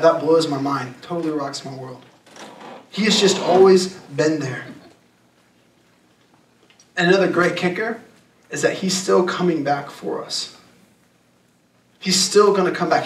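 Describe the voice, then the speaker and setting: A young adult man giving a youth sermon, talking casually and emphatically and slowing down to read scripture. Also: high voice, a bit bright. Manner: emphatic, conversational preaching with slowed scripture reading. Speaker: youth pastor. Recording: echoey room, distant mic.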